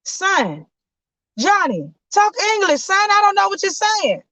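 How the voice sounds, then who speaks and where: A woman telling a story and voicing a hot-tempered father who yells and talks in slang. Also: extremely high pitch, wildly swooping pitch, unhurried, dry recording, pitched above the performer's own voice, heavily acted. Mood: scolding. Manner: yelling, brash, slangy. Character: loud hot-tempered father, a grown man. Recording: dull lo-fi sound.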